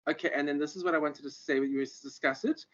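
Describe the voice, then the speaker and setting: A man's voice: on the high side, steady tone, quick pace, a bit bright. A man giving an online lecture, rambling with many ums and restarts over a video call. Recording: muffled lo-fi audio.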